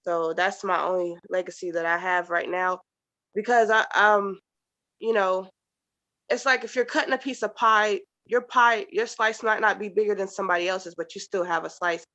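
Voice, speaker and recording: A woman in a casual group chat, speaking thoughtfully and hesitantly, with many pauses. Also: medium pitch, fairly even intonation, pushed and bright, dry recording, dull audio. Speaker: participant.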